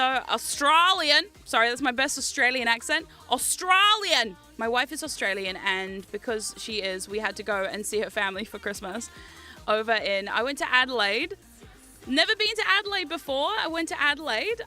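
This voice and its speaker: A woman's voice: high voice, pushed and bright. A woman streamer chatting casually to her viewers on a livestream, laughing often and swearing freely.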